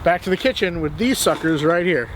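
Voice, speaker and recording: A man's voice: a little high, lively intonation, a little fast. Jokey man hosting a noisy cooking show. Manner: jokey and playful, hamming for the camera. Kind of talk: casual cooking demonstration. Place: outdoor grill, then a home kitchen.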